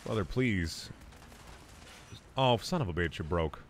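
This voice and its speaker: A young man with a lowish voice that swings all over the place, bantering crudely with his chat as he plays. His remarks shift between offhand mutters and loud, mocking bursts. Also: expressive, measured pace, a little hiss or hum. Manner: muttered asides while playing. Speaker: game streamer. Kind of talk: casual gaming stream commentary.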